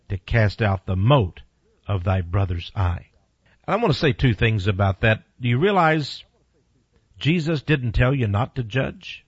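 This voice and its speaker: A male preacher delivering a forceful sermon, lurching from quiet to loud and from low to high. He slows right down to read scripture deliberately, and he talks to his listeners bluntly and directly. His voice sits in a middle range and comes through a dull, lo-fi recording with no room sound. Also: breathy edge, no room sound. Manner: emphatic preaching with big swings in pitch and loudness; reads scripture slowly and deliberately.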